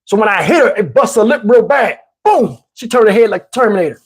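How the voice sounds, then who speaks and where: A man in his fifties hosting a livestream, telling a story casually and profanely, animated and rambling with many restarts. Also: high-pitched, a little fast, breathy edge. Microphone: wearing a microphone.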